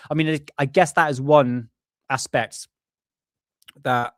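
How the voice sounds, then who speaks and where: A man's voice: mid-range voice, dry recording, clean studio sound. Chatty man hosting a stream. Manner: chatty, laughs at viewer comments, drifts back to his notes. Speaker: live stream host. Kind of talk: casual live-stream chat.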